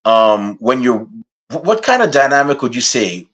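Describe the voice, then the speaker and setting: A man from Guyana hosting an interview podcast, chatting casually and getting animated as he jokes around. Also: mid-range voice, normal speed. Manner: animated, laughing while putting on a playful accent. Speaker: podcast host.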